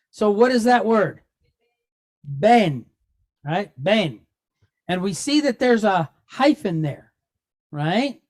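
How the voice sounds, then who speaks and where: A woman's voice: mid-range voice, darkish tone. A woman teaching a language lesson to a class, patiently spelling out sounds and quizzing her students with frequent "right?" checks. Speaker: Hebrew teacher.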